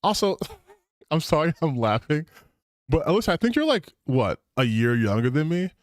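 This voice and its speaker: A man's voice: on the high side, big pitch swings, normal speed, no echo. A man in his thirties hosting a gaming stream, giving casual reaction commentary in a sarcastic, laughing manner and swearing freely. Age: 30s.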